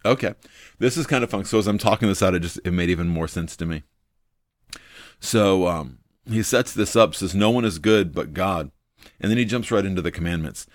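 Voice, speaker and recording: A man's voice: sits low, brisk, no echo, studio quality. A man hosting a devotional video, teaching from the Bible in an earnest, thinking-aloud way, full of ums and repeating his main points.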